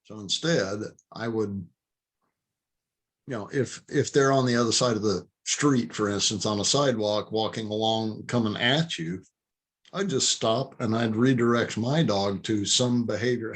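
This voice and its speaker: A man's voice: fairly low pitch, a little slow, a bit bright. A man giving firm, emphatic dog-training advice on a video call. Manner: emphatic, acts out what the owner should say.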